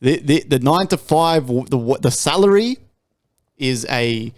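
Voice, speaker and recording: A young adult man with an Australian accent, co-hosting a casual podcast chat and telling stories with lots of swearing and sudden jumps in pitch. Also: moderate pace. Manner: animated storytelling, swears freely, big pitch jumps when ranting. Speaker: podcast co-host.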